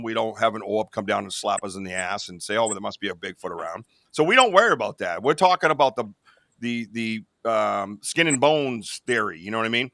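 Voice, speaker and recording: A man's voice: on the low side, a bit bright, no echo, clean studio sound. A man hosting a podcast in casual chat, rambling with lots of "you know what I mean.". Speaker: podcast host.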